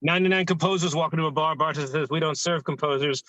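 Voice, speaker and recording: A man with a high, bright, sharp voice tells pun jokes quickly and loosely in an improv round. The sound is dry and close, over a video call. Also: dry recording. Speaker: improv player.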